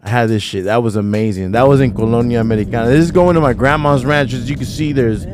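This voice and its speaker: A young man talking casually as a vlogger, slangy and excitable, swearing freely and whooping loudly. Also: medium pitch, quick pace, over music. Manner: swears casually, many fillers. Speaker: vlogger describing a food trip. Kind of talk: casual chat over photos. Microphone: studio mic.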